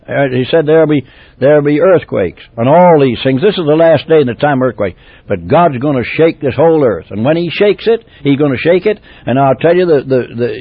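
A man preaching a testimony sermon, swinging from loud exclamations to hushed, tender tones, repeating phrases and restarting as he goes. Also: a little high, breathy edge, dry recording. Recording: tinny phone-like dry tape recording.

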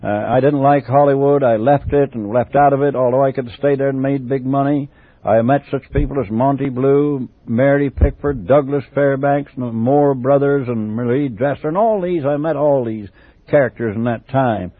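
A man's voice: mid-range voice, normal speed, no room sound, narrow, tinny audio. Old man rambling through his memories. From England. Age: older. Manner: rambling, digressive storytelling with restarts. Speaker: man recounting his life. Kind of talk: recorded personal memoir.

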